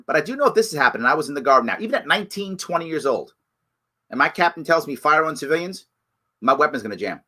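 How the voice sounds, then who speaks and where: A middle-aged man with a bright, forceful voice holds forth as host of a live show. He talks emphatically, hammering his points through repetition, now pleading, now scolding. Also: fairly high pitch, big pitch swings, racing, slightly rough. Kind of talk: impassioned live commentary.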